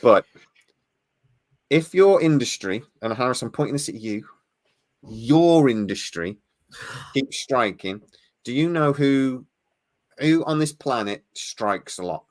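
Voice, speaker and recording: A man's voice: medium pitch, lively intonation, measured pace, pauses often. A tired man co-hosting a podcast, chatting casually and stammering as he rambles. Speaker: podcast co-host. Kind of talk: casual chat.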